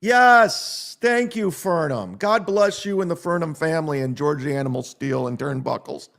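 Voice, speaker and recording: A man's voice: a little high, normal speed, gravelly. A man hosting a livestream, ranting in a mocking, sarcastic way and reading viewer donations aloud. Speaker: livestream host.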